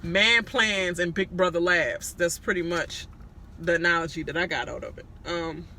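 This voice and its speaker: Blunt, bright-voiced woman ranting. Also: lowish voice, moderate pace, slight background noise. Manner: blunt, profane, animated ranting. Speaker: reality-show recap vlogger. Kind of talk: casual recap commentary.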